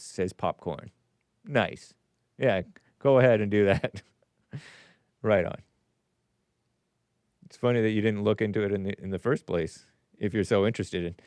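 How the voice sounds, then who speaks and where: Male stream host, unhurried, clear and resonant, dry close sound, chuckling opinionated asides over viewer comments. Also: fairly low pitch, darkish tone, no room sound. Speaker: show host. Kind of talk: casual livestream commentary, reading viewer comments aloud.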